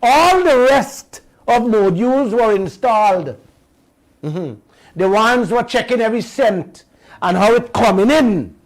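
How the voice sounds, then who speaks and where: A man with a Guyanese accent and a high voice hosts a radio talk show, telling stories in an animated, indignant way and repeating himself. It's a heated talk radio monologue on a rough recording.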